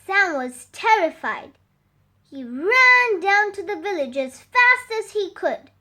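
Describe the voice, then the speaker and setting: A woman reading a fable aloud for children in a slow, expressive, sing-song way. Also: very high voice, a little hiss or hum. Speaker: storyteller.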